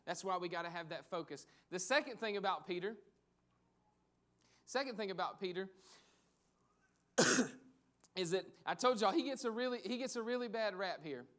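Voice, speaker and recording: A man's voice: high voice, expressive, moderate pace, long pauses, a bit bright. A man preaching a conversational sermon, repeating phrases for emphasis. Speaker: pastor.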